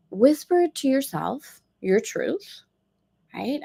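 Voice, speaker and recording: A woman's voice: sits high, very animated, measured pace, gravelly, darkish tone. A middle-aged woman hosting a spiritual study livestream from a boat, talking in a chatty, upbeat, rambling way with playful asides. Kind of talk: casual livestream chat.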